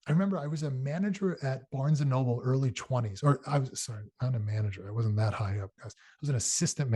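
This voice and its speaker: Husky-voiced man chatting casually. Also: medium pitch, a little mellow. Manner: conversational, storytelling with many fillers and restarts. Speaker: podcast host. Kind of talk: casual solo talk.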